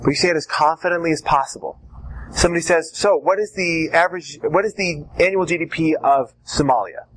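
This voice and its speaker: A man teaching cross-examination technique, casually acting out both sides of quick question-and-answer exchanges with a wry tone. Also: a little high, fairly bright tone, rough recording. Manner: wry, acts out quick back-and-forth exchanges. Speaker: debate coach. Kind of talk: instructional talk with acted examples.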